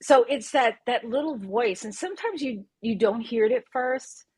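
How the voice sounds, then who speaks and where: A soft-spoken woman, a Pilates instructor, speaking earnestly in a conference panel conversation and laughing often. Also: a little high, lively intonation, normal speed, slightly rough, no room sound.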